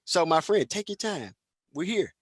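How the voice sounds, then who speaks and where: Guy band director hosting an online panel, kinda high voice, leans on words slow and encouraging. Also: expressive, no echo. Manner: emphatic, encouraging, slows down to stress points.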